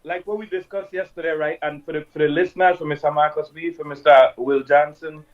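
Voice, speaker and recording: Brief: guest musician, male, upbeat and gushing, voice a touch high, muffled lo-fi sound. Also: fairly even intonation, fairly quick. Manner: hyped, effusive, repeats himself. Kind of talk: radio interview.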